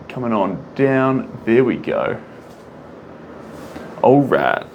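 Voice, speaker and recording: A man talks casually while he paints live, humming little tunes and reading out viewer comments as they come in. His voice moves a lot, rising and falling in lively swings. A faint hum of studio noise sits behind him. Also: medium pitch, very slow, vocal fry, long pauses, muffled recording. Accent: non-American English, rolled R. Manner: chatty, hums and sings to himself, reads out and answers chat comments. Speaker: artist streaming live painting.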